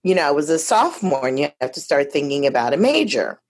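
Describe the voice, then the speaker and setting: A woman in her fifties from Detroit, a guest telling her life story in a lively, chatty way with many asides. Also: low voice, fast talker. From Detroit, USA. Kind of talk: casual storytelling conversation.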